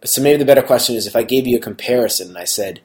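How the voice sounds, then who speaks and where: A man's voice: medium pitch, racing, a little mellow. A man in casual conversation, asking questions with many fillers and restarts.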